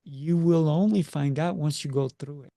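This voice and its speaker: A man's voice: on the high side, moderate pace, creaky, mellow, no room sound, studio quality. A man who is a martial arts coach, chatting in an interview over a video call and driving his points home with emphatic rhetorical questions. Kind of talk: casual interview chat.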